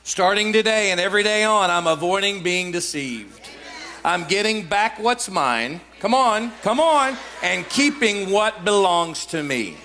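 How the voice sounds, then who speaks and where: Male preacher, shouted exhortations, high bright voice, swinging pitch. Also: expressive, unhurried, a little hiss or hum. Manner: emphatic, often shouting declarations; repetitive call-and-response exhortation. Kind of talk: sermon.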